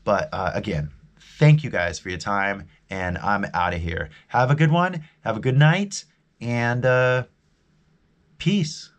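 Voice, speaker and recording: A man's voice: lowish voice, takes it slowly. A man with a Californian American accent, chatting casually to viewers on a live stream as an English teacher, rambling and restarting his sentences. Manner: rambling, restarts often, friendly sign-off.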